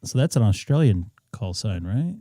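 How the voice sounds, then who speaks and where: A man hosting a ham radio live stream, chatting casually and doing radio checks, with a somewhat nasal voice and an animated, mock-offended manner. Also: on the low side, normal speed.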